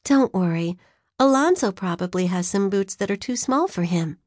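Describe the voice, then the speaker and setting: A woman's voice: medium pitch, animated, normal speed, darkish tone, no echo, studio quality, close to an everyday voice. A woman voicing a cheerful, helpful young schoolgirl in a children's audiobook. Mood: friendly.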